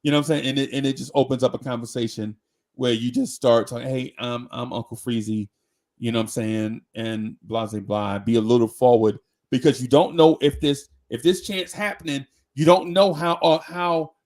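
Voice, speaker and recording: A man's voice: medium pitch, normal speed, a little mellow. A man hosting a live talk show, chatting casually in slang, with lots of restarts and repeated words. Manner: slangy, conversational, asks "right?".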